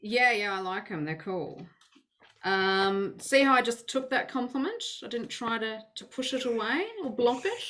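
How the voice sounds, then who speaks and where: A woman's voice: a little high, animated, moderate pace, a bit bright. A woman interviewing a guest in casual chat, talking loosely with many fillers and repeats.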